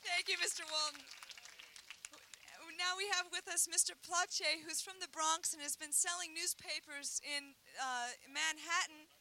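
A woman hosting an event, introducing guests with brisk, polite remarks and small hesitations. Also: very high voice, fairly even intonation, pushed and bright, a little hiss or hum. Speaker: host.

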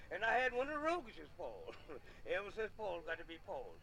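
A man's voice: high-pitched, huge pitch swings, normal speed, gravelly, pushed and bright, slight background noise, poor audio. A man telling comic folk stories in a folksy way, often laughing and repeating "yeah.". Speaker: storyteller.

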